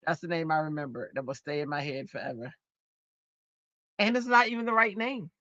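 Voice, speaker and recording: A woman hosting a crafting stream, chatting casually and telling stories in an animated way while she works. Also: sits low, a little fast, no room sound, highs cut off. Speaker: crafting channel host.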